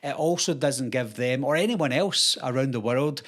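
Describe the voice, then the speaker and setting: A man's voice: mid-range voice, moderate pace, fairly bright tone. A Scottish man hosting his channel, talking earnestly and casually straight to camera. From Scotland. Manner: earnest, conversational, explaining. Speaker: YouTube host.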